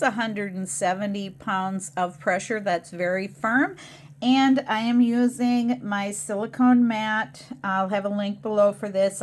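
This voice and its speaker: A woman's voice: medium pitch, slight background noise. A woman hosting a crafting tutorial who explains each step and setting methodically as she works.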